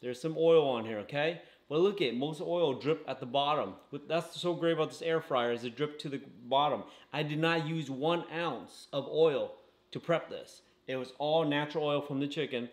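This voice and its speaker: A man hosting a casual home cooking vlog, talking while he eats and tagging his sentences with "okay?". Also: on the high side. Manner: chatty, tags lines with "okay?", talks while eating. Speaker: channel host. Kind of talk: casual food review vlog. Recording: roomy echo.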